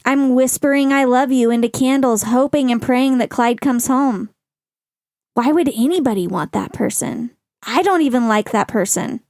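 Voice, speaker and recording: A middle-aged woman hosting a podcast, speaking slowly and earnestly in a reflective personal monologue. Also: on the high side, expressive, darkish tone, dry recording, clean studio sound. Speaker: podcast host.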